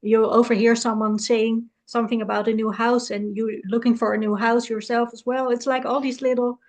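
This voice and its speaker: A woman with a fairly high voice hosting a casual interview over a video call. She is chatty and giggly and drops in quick affirmations. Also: flat delivery, a little mellow. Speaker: host.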